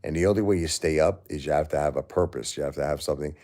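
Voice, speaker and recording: Drained middle-aged male livestream host, very deep and dark, stumbling through his grief. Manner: grieving, weary, halting with repeated words. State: emotionally drained. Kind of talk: casual livestream talk to viewers.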